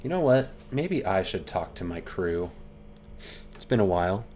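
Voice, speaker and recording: Deep voiced guy streaming, joking, cussing, faint noise. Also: sing-song, normal speed, a little mellow. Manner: reads game text aloud, swears and jokes. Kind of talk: casual game commentary and reading aloud.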